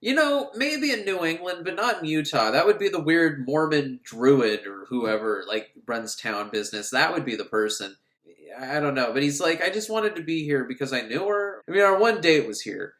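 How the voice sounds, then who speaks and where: A man recaps an old film in a casual, sarcastic way, acting out bits of scenes as he goes. His voice sits a little high and swings lively up and down. The recording has a roomy echo. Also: moderate pace. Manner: sarcastic, animated, acts out scenes. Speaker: film reviewer.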